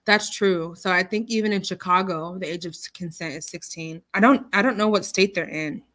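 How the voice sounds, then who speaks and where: A woman's voice: fairly low pitch, brisk, fairly bright tone. Outspoken woman hosting a late-night livestream. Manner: outspoken, indignant, conversational. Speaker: livestream host reading chat. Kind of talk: casual live chat. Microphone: computer mic on a streaming call.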